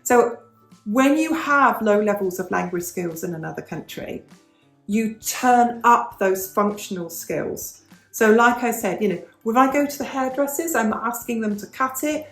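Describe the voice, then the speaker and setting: A woman's voice: a little high, measured pace, a bit bright, reverberant, soft background music. A British woman in her fifties chatting in a vlog, explaining things patiently like a former teacher and repeating key points. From United Kingdom. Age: 50s. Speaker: vlogger, former English teacher. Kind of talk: casual question-and-answer chat.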